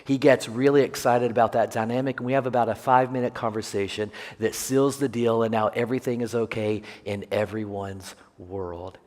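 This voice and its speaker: A man's voice: medium pitch, a little fast, hardly any pauses. Man preaching in a reverberant hall. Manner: animated, self-deprecating storytelling. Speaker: pastor. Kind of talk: sermon with a personal story. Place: church sanctuary.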